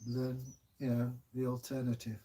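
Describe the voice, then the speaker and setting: A man's voice: mid-range voice, monotone, moderate pace, dark tone. An older man from Kent with a southern English accent, chatting casually on a livestream as channel host, rambling with many hesitations. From Kent, England.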